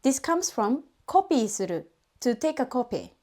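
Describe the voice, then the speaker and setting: Woman teacher, fairly high, mellow voice, patient step-by-step explainer. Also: sing-song, moderate pace. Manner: patient, methodical explaining with spoken examples. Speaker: language teacher.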